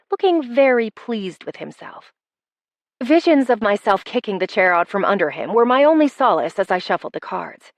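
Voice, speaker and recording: A woman narrating a first-person romance audiobook with wry, expressive delivery. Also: medium pitch, no echo.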